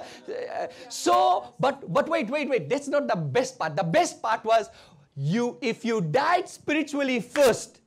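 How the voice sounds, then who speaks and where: A woman preaches with fervour, drawing the congregation into call and response. Her voice sits fairly high and swings widely in pitch. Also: slow pace, husky. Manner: animated preaching mixing English and Hindi, call and response. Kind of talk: sermon.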